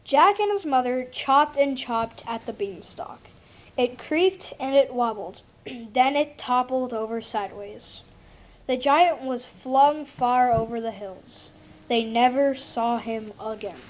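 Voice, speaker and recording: A woman reads a children's picture book aloud. She takes it slowly and reads with expression. Her voice sits fairly high. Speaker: story reader.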